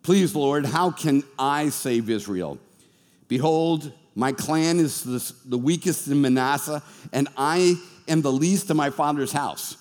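A preacher voicing a whiny, pleading Gideon. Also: male voice, fairly high pitch, measured pace, darkish tone, natural voice. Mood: pleading, exasperated. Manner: whiny pleading, casual modern slang. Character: reluctant, complaining Gideon, grown man. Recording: long hall reverb.

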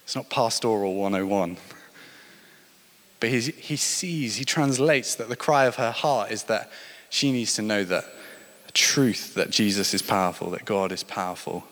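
A man's voice: fairly low pitch, normal speed, a bit bright. A man preaching a sermon, telling stories and building to emphatic points. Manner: storytelling, rising and falling with emphasis. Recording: long hall reverb.

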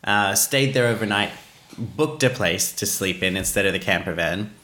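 A man casually telling a travel mishap story on a podcast, animated and poking fun at himself. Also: lowish voice, normal speed. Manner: animated, self-mocking, laughs at his own story. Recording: roomy echo.

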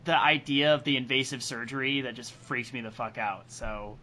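Podcast guy, bright punchy voice, loud jokey reactions. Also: mid-range voice, fairly even intonation, moderate pace. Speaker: podcast co-host.

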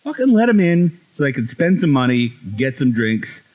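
A sardonic Australian man in his thirties, co-hosting a casual podcast. His mid-pitched voice swings widely as he swears and mimics others in his stories. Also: big pitch swings, normal speed, a little mellow. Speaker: podcast co-host. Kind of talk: casual chat.

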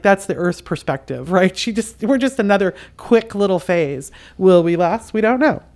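Impassioned low-voiced woman podcaster. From outside the US. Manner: impassioned, emphatic, casual with fillers. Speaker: podcast host. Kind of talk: spiritual commentary monologue.

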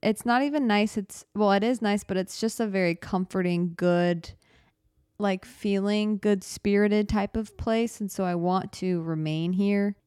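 A woman's voice: mid-range voice, steady tone, darkish tone, clear, resonant tone, no room sound. A young woman hosting her own podcast from a small studio apartment, chatting casually, rambling and joking at her own expense, often running short of breath as she talks. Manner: rambling, self-deprecating, talks fast and runs out of breath. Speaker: podcast host. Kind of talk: casual solo podcast chat. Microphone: studio microphone.

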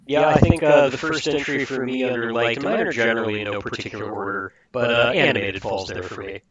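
Podcast co-host, male, mid-pitched voice, opinionated reviewer, crowd murmur behind him. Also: fairly even intonation, fast, lo-fi sound. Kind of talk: casual chat.

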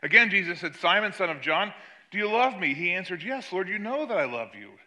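A man's voice: very animated, a little fast, bright, forceful tone. An older man, a pastor, preaching a sermon and telling a story about his granddaughter. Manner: storytelling, acts out quoted voices with rising pitch.

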